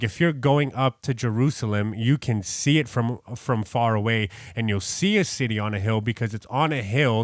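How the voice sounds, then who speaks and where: A man's voice: medium pitch, no room sound, clean studio sound. A man from New York co-hosting a podcast, talking through a Bible passage in an earnest, rambling way with many restarts. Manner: rambling, self-correcting, earnest. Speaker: podcast co-host. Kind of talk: casual Bible study chat.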